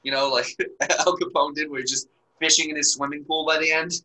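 A man's voice: fairly high pitch, flat delivery, a little fast, pushed and bright, poor audio. A man chatting casually and crudely with a friend, laughing often as he jokes. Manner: laughs constantly, crude and joking. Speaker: podcast co-host. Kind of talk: casual comedic chat.

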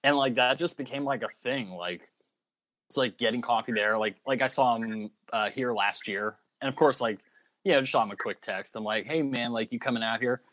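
A man from North Alabama, a guest in a casual chat, talking in a relaxed way with lots of "like" filler. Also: mid-range voice, fairly quick, dry recording. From North Alabama, United States. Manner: relaxed, chatty, many fillers like "like".

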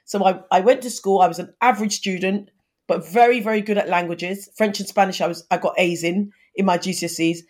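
A woman's voice: medium pitch, steady tone, fairly quick. Earnest woman in her fifties giving advice. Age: 50s. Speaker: guest. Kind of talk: conversational interview.

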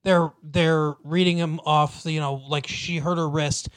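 A man's voice: a little high, little pitch movement, measured pace, smooth. A man in casual chat, recapping a story with lots of restarts and acted-out quotes. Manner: rambling, many restarts, acts out quoted lines, laughs often. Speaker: podcast co-host recapping a TV episode.

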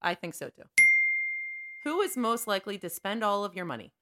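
A woman's voice: mid-range voice, big pitch swings, brisk, heavy background noise. A woman co-hosting a casual talk show with her mother, playfully asking game questions. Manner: playful, laughs often. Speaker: podcast co-host, daughter. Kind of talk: casual chat, running a game.

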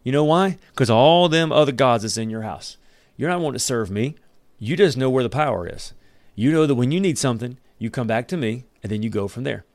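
A man's voice: medium pitch, animated, fairly quick, dry recording, natural voice. A man voicing God in plain everyday words, blunt but loving, close to his own voice. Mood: firm. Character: God as a firm, loving male deity.

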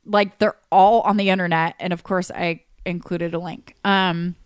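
A woman's voice: on the low side, steady tone, normal speed, smooth, dry recording, clean studio sound. A woman casually recounting a true crime case on a podcast, chatty, with lots of restarts and fillers. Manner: chatty, many likes and restarts. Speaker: podcast co-host.

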